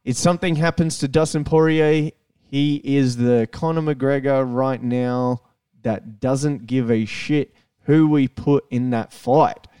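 Aussie guy cohosting a chat podcast, excitable and sweary, dry sound, mic kinda far off. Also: medium pitch, takes it slowly, smooth, no echo. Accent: Australian. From Australia. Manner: blunt, excitable, swears freely. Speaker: podcast co-host. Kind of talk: casual chat.

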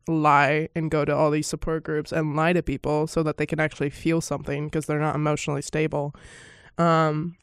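A woman's voice: lowish voice, clean tone, no echo, studio quality. A woman hosting a casual podcast, reacting to a film in a chatty, giggly way, often laughing and exclaiming in surprise. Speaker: podcast host.

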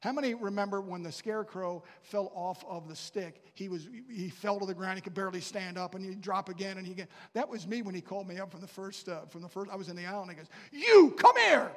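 In a large hall with long reverb, a man preaches in a high-pitched, steady voice, talking fast with few pauses. This pastor's sermon is storytelling, broken up by asides and questions he puts to the congregation.

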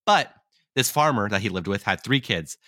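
A man's voice: lowish voice, animated, moderate pace, sharp tone, no echo, studio quality. A man co-hosting a podcast, casually telling a long story and often correcting himself as he goes. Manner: rambling, self-correcting. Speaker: podcast co-host.

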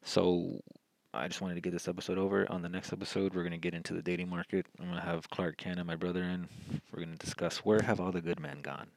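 A low-voiced man hosting a solo podcast, his voice gravelly and full of fry. He talks in a rambling way, circling back and restarting his sentences. The sound is dry and close. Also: little pitch movement, fast talker, hardly any pauses, dry recording, poor audio. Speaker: podcast host. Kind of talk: solo political podcast monologue.

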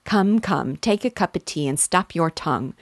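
A woman's voice: lowish voice, lively intonation, normal speed, no echo, clean studio sound. A woman voicing a good-humored older wife who chides her husband, in a read-aloud novel lesson. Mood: chiding.

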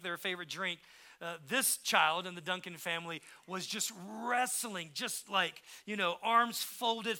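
A male pastor preaching a sermon with passion, swinging from hushed, tender moments to emphatic peaks, full of conversational asides and quick restarts. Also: sits high.

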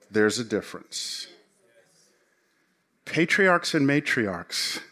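A middle-aged man, a pastor, preaching a sermon in an animated, joking way. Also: a little high.

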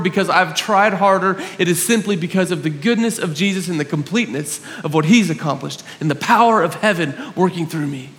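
A man's voice: sits high, a bit bright. A male pastor giving an earnest sermon, telling stories about himself with self-mocking humor. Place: church hall. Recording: long hall reverb.

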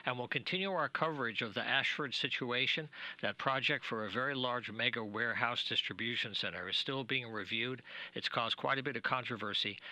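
A man's voice: mid-range voice, dry recording, rough recording. A man hosting a local radio show, chatting casually with a guest and rambling into personal stories. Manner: chatty, rambling, drops to a hush when telling a personal story. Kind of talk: casual radio interview chat. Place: radio studio.

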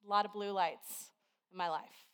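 A woman's voice: mid-range voice, fairly even intonation, moderate pace, a bit bright, smooth. A woman preaching a sermon to a congregation, telling everyday stories in a chatty, conversational way. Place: church service with a congregation.

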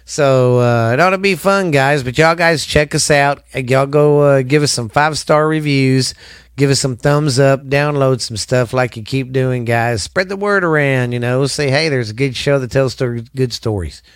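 A man's voice: mid-range voice, moderate pace, smooth, dry recording, clean studio sound. Folksy podcast host, man. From Southern United States. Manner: rambling, folksy, chatty with y'all. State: stuffy sinuses. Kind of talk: casual podcast sign-off chat.

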